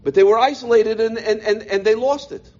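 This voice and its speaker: American rabbi guy telling his life story, kinda high voice, muffled sound. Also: fairly quick. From United States. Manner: animated, repeats words, voices quoted people. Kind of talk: personal storytelling talk.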